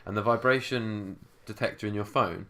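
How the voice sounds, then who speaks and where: A man's voice: lowish voice, moderate pace, pushed and bright. A man co-hosting a podcast, chatting casually with friends and rambling through jokey explanations. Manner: laid-back, joking, rambling explanations. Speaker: podcast co-host. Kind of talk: casual chat.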